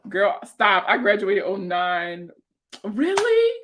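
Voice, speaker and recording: A woman around thirty with a Baltimore accent, hosting a casual livestream chat with viewers, slangy and profane and quick to laugh. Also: medium pitch, lively intonation, fairly bright tone, a little hiss or hum. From Baltimore, USA. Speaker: host answering viewer comments.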